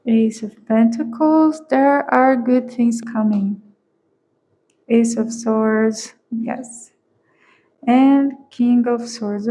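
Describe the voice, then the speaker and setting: Woman non-native English speaker, tarot reader, slow, fairly high voice, laughs often. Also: warm tone, low-quality recording. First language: not English. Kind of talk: collective tarot reading.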